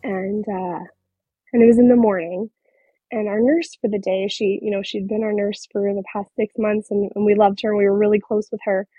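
A woman in her thirties, a guest telling a personal story in an interview, speaking haltingly with many fillers. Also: medium pitch, little pitch movement, mellow, husky, dry recording. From Northern Ontario, Canada. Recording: slightly muffled recording.

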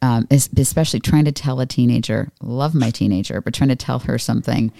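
A woman's voice: very deep voice, brisk, vocal fry, mellow, no room sound. A middle-aged woman co-hosting a podcast, chatting and laughing as she tells exasperated stories about her kids. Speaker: podcast co-host, mother. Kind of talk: casual chat.

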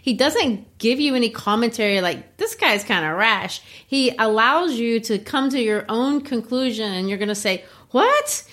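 A woman co-hosting a literary discussion, explaining the text in an animated, teacherly way. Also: on the high side, moderate pace, few pauses. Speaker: co-host.

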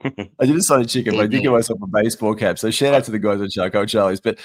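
A husky-voiced young man chats on a podcast, his voice sitting a little low. He tells stories in a lively, animated way and jumps between points with easy energy. It has the loose feel of friends talking sport. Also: very fast. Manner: animated, chatty storyteller. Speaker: podcast co-host. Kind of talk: casual podcast chat.

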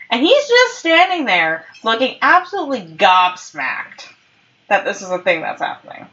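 A woman's voice: medium pitch, wildly swooping pitch, normal speed, bright, forceful tone, lo-fi sound. A woman co-hosting a casual chat podcast, animatedly retelling scenes from a show and laughing often. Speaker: podcast co-host. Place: at home on a couch.

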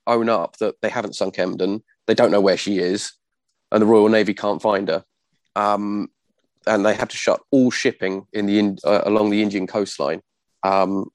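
A man presenting a history talk from his notes, with a lowish voice and frequent ums as he corrects himself mid-sentence. The sound is dry and close, with little room echo. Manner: halting, many ums and self-corrections. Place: room with a small live audience.

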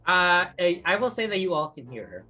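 A low-pitched woman runs a tabletop game as dungeon master, stopping and restarting as she explains homebrew rules. Soft music plays faintly behind her. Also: very animated. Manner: halting, many fillers and restarts.

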